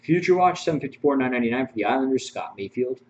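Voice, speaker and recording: A man runs a live-streamed card break, reeling off card names and serial numbers and laughing as he talks with his viewers. He speaks rapid-fire at a medium pitch with lively intonation, and the stream sound is muffled with a faint hum.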